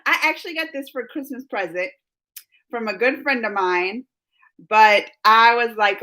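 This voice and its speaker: A woman's voice: fairly high pitch, animated, moderate pace, fairly bright tone. A woman hosting a casual live stream who laughs often and greets her chat by name. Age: adult, mother of school-age kids. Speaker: livestream host.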